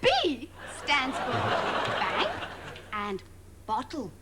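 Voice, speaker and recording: An actress playing a sing-song, condescending children's TV presenter with barbed asides. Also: female voice, high voice, huge pitch swings, extremely slow, very noisy, exaggerated voice. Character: sugary sarcastic woman kids' TV presenter.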